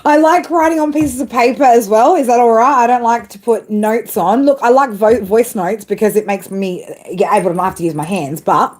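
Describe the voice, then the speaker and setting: In a low-quality recording, a tarot reader does a live-stream reading outdoors, chatting casually with a slightly high, darkish voice. She talks a little fast with few pauses, laughing often and adding "right?" to her sentences.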